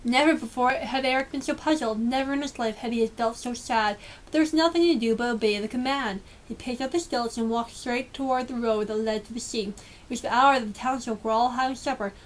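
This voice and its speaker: A woman reading a children's storybook aloud with lively, expressive storytelling. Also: a little high, brisk, a little hiss or hum. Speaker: storybook reader.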